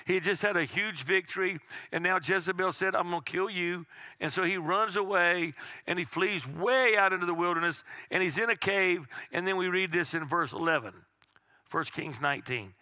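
A middle-aged man preaching a sermon as pastor, slowing right down for key phrases and dropping to a hush on the quiet lines. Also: high voice, dry recording. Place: church sanctuary.

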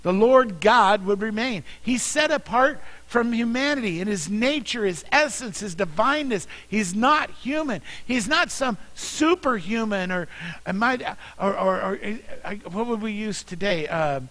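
A man's voice: sits high, lively intonation, unhurried, pushed and bright, low-quality recording. A man preaching a sermon as pastor, earnestly reading scripture and repeating words for emphasis.

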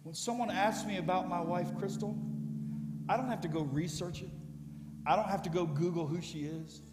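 A middle-aged pastor preaches with feeling, his fairly high voice lifting into eager storytelling. He is recorded in a big echoing church room. Gentle guitar music plays underneath. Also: normal speed. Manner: emotional, storytelling with rising excitement. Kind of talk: sermon. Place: church sanctuary. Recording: echoey church hall with music. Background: soft guitar music.

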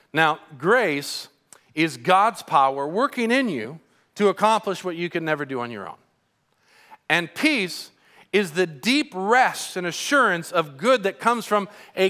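A pastor preaching a sermon, emphatic and putting questions to his congregation. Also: fairly high pitch. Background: soft music.

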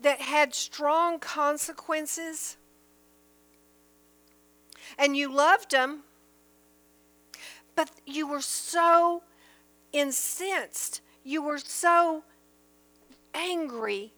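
A woman's voice: high voice, drawn-out words, long pauses, bright, forceful tone. A woman teaching from the Bible in an earnest, emphatic sermon style, reading verses aloud and explaining them.

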